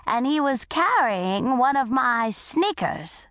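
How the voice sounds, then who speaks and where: A woman voicing a sweet, unflappable tall old woman, speaking politely and slowly. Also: high voice, no room sound, clean studio sound, voice pushed up, heavily acted. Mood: calm, polite. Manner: polite, calm, slow and drawn-out.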